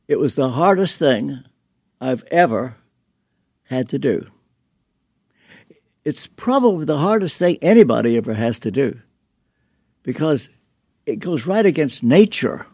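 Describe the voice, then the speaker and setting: An older man, a pastor and author, telling a personal story slowly and deliberately in an interview, with soft chuckles. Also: a little high, breathy edge, no echo, clean studio sound.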